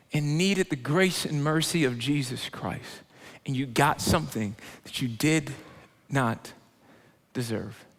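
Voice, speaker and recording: A man preaching a sermon, animated, swinging between loud emphatic lines and quiet low asides. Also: vocal fry. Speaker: pastor. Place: large church auditorium. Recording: long hall reverb.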